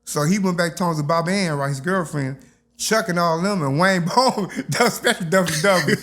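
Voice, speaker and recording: A man's voice: high voice, normal speed, fairly bright tone. An older man, telling stories from his youth in a casual interview and acting out the voices. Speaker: interview guest.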